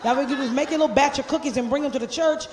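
A man preaching a sermon, shouting and joking with the congregation, then dropping low and quiet, in a church sanctuary. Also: very fast, reverberant. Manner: joking, laughing asides in casual church slang.

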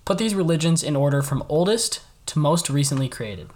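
A man hosting a casual trivia game, reading out each question slowly and repeating it. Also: a little high, lively intonation, a little mellow. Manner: reads questions twice, slowly and deliberately.

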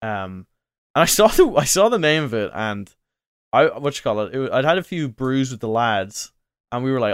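A man's voice: medium pitch, sing-song, moderate pace, clear, resonant tone, dry recording. A man rambles through a long story on a casual podcast, full of fillers and restarts. His voice sits in a middle register. The sound is dry and close, with no room around it. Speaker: podcast co-host. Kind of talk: casual chat.

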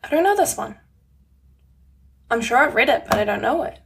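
Giggly New woman, gravelly voice. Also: fairly high pitch, lively intonation, a little fast, slight background noise. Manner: giggly, self-deprecating. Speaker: podcast guest. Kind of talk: casual chat.

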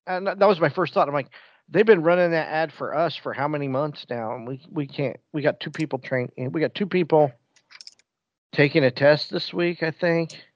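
A man who drives a bus, chatting casually and telling stories with jokes and lively quoted asides. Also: fairly high pitch, moderate pace, dry recording, dull audio. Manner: joking, animated storytelling. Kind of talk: casual chat.

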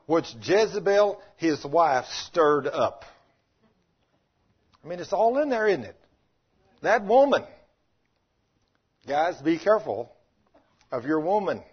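Husky high-voiced folksy preacher man. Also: big pitch swings, slow pace, long pauses, highs cut off. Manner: folksy, conversational, asks the congregation questions. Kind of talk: sermon.

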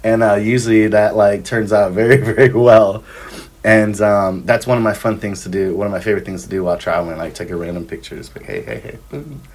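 A man's voice: fairly low pitch, little pitch movement, brisk, a little mellow, a little hiss or hum. A man in his thirties, a podcast guest, telling travel stories in casual chat with lots of ums and likes. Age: 30s. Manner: rambling, filler-heavy, acts out dialogue.

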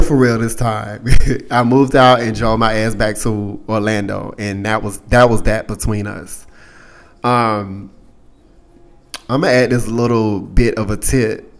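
Candid, low-voiced man telling a story. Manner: candid, profane, animated when quoting others. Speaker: podcast host. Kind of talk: casual storytelling.

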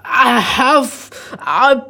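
A man playing a nervous, hypochondriac young suitor who gets agitated and shouts in a quarrel. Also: extremely high pitch, expressive, drawn-out words, gravelly, exaggerated voice. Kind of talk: amateur stage play reading.

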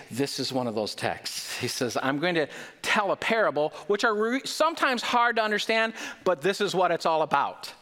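A man preaching in a church, talking to his congregation in a relaxed, conversational way. He peppers the sermon with rhetorical questions and lively asides. His voice sits at an ordinary pitch and rings out with a long, echoing reverb. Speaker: pastor. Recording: reverberant hall.

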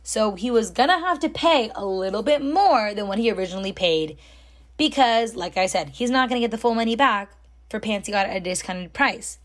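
A young woman telling a story in a casual, chatty way, full of fillers and animated when she quotes people. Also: fairly high pitch, a little fast. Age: young adult. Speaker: storytime host.

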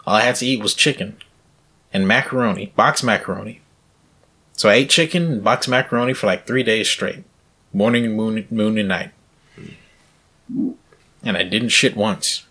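A man co-hosting a podcast in casual chat, telling a rambling, crude story with deadpan jokes. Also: fairly low pitch, normal speed, long pauses, husky. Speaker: podcast co-host.

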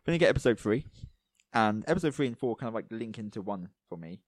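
A man co-hosting a casual podcast chat, rambling with lots of fillers and going a little hoarse. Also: on the low side, lively intonation, fast talker, dry recording. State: losing his voice, coughing. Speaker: podcast co-host.

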